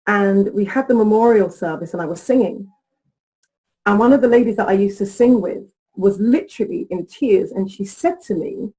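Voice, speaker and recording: Husky-voiced woman coach telling stories. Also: medium pitch, moderate pace, rough recording. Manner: animated, laughing, storytelling. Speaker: guest, relationship coach. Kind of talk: interview conversation.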